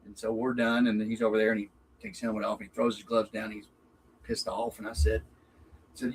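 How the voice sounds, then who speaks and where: A middle-aged man, a racing dad, chatting as an interview guest and telling animated stories with acted-out quotes. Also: lowish voice, quick pace, slight background noise, poor audio. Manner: animated storyteller acting out quotes. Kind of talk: casual interview chat.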